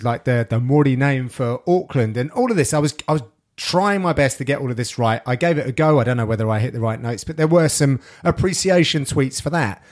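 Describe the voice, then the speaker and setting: A man hosting a podcast, telling stories in casual chat with animated, sweary delivery. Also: medium pitch. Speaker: podcast host and sports commentator.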